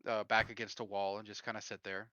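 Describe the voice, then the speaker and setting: A man's voice: lowish voice, little pitch movement, quick pace, sharp tone, muffled recording. A man playing a tabletop game, explaining his character's actions in a rambling, filler-heavy way. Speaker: player. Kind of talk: casual game talk.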